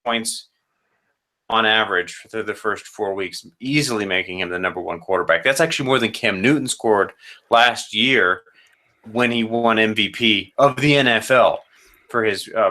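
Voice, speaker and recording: Bright-voiced man predicting fantasy matchups. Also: lowish voice, moderate pace. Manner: rambling, self-correcting, joking asides. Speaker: fantasy football league commissioner. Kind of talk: casual podcast matchup predictions.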